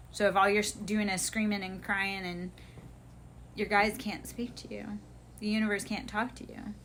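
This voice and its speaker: A woman's voice: medium pitch, fairly even intonation, moderate pace, a bit bright, slight background noise. Impassioned woman giving a spiritual pep talk. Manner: impassioned, casual, swears freely. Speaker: live-stream host.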